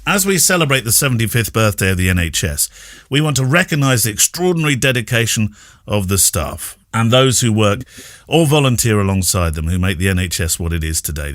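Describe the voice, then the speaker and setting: A man's voice: lowish voice, a bit bright, no echo, clean studio sound. A British man co-hosting a photography podcast, chatting casually, laughing easily and reading listener mail aloud. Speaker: podcast co-host. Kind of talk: casual chat.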